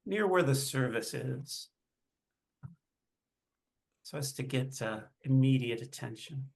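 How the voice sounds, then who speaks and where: A man playing a tabletop game, describing his character in a halting way with many pauses and fillers. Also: medium pitch, animated, creaky. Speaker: player.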